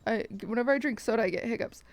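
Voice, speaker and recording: With hiccups interrupting her, a streamer tells her chat an animated, casual story, swearing a lot and doing voices for those she quotes. Her voice is a little high and very fast, with no echo.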